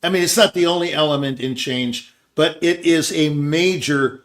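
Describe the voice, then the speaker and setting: A man's voice: on the high side, normal speed, a bit bright. Older man musing in rambling talk. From Scottsdale, Arizona area. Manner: rambling, restarts, quotes others in put-on voices. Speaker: show host. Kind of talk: casual conversation.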